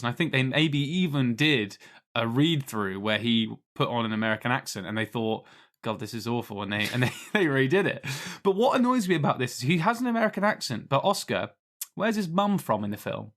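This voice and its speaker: A man co-hosting a film podcast in casual, animated chat, laughing often. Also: mid-range voice, normal speed. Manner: chatty, animated, laughs often, does voices. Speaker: podcast co-host.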